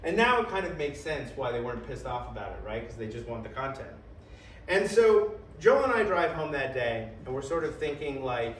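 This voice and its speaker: An animated man tells a comic story with a lively, fairly high voice, swearing freely and tagging lines with "like" and "right?". He sounds roomy and echoey, as if the mic sits some way off, with faint ambience behind him. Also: moderate pace, recorded from a distance, slight background noise. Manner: animated, profane, full of "like" and "right?".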